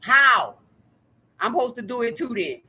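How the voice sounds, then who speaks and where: Woman vlogger, high bright voice, furious profane rant that keeps circling back on itself. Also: moderate pace. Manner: angry, profane, keeps repeating "like I said". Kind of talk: ranting monologue to camera.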